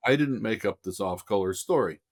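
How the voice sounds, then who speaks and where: An older man, a film director guest on a podcast, telling a lively story and acting out voices. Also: on the low side, brisk. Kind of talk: casual anecdote telling.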